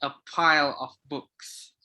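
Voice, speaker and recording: A man's voice: on the high side, steady tone, slow pace, pushed and bright. A man speaking off the cuff on a video call, talkative and joking. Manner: jokey and talkative. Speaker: meeting participant. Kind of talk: impromptu speech.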